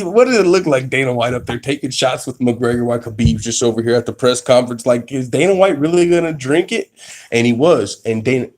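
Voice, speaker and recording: Excitable slangy man hosting an MMA stream. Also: mid-range voice. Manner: profane slangy storytelling; excitable, restarts sentences. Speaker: MMA channel host. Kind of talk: casual live-stream reaction. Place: at his workplace.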